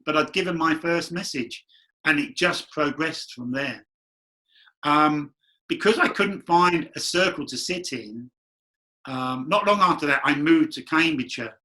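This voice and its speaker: Man, medium guest, chatty storyteller, bright raised voice. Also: on the high side, animated, a little slow. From London. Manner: chatty, rambling anecdotes with acted quotes. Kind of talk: candid storytelling interview.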